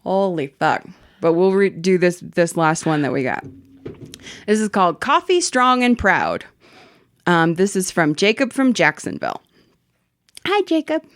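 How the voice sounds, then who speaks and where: A woman's voice: lowish voice, wildly swooping pitch, measured pace, pauses often, no room sound. A woman hosting a casual podcast, animatedly reading a listener's story aloud with swearing and laughter. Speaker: podcast host.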